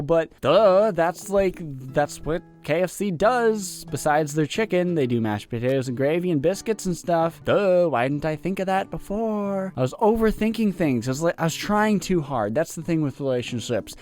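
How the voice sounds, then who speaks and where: Animated young gaming host. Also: male voice, on the high side. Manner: jokey, theatrical, reads characters aloud. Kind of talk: let's play commentary.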